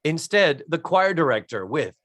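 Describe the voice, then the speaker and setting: A man in his fifties, talking as a podcast co-host in a casual chat. His pitch sits a little high and jumps around a lot, and he swears freely while acting out scenes. The sound is dry and close. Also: moderate pace, dry recording. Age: 50s. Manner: animated, swears freely, acts out scenes in loud voices.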